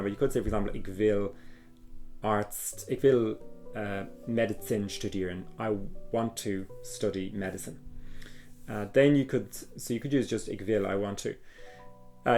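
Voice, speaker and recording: A man teaching German exam phrases, explaining slowly and reading phrases carefully with some hesitations. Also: lowish voice, a little mellow. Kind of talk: exam prep lesson.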